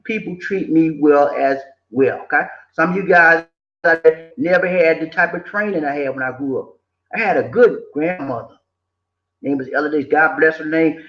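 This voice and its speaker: Older guy, high pitched, preachy life-advice vlogger, echoey room, muffled lo-fi. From southern United States. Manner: preachy, animated, repeats himself, slips in quoted voices. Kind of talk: casual motivational talk. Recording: echoey room, dull lo-fi sound.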